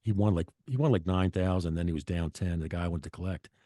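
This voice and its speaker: Deep-voiced blunt middle-aged man. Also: fast, mellow, no echo, studio quality. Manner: blunt, profane, rambling with restarts. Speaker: guest. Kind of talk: casual storytelling.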